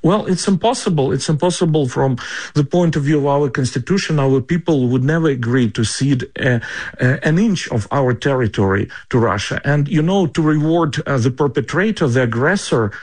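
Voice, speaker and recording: A man's voice: mid-range voice, lively intonation, a little mellow. A man from Ukraine, a politician answering questions in a news interview, speaking English as a with frequent fillers and restarts. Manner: halting, with many fillers and restarts.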